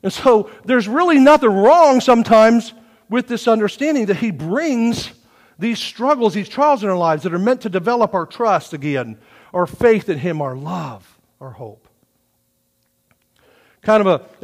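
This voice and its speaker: A man preaching in a church, his voice sitting high and leaping all over the place as he tells homespun stories. He drops to near whispers, then bursts out loud. The sound carries a long, echoing reverb from the sanctuary. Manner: folksy, animated preaching with sudden swings from hushed to loud. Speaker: pastor. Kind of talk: sermon.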